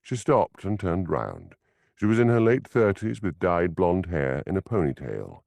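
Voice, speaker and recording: Deep gravelly male audiobook narrator, lively delivery, close and dry. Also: measured pace, no echo. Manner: expressive storytelling. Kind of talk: scripted narration.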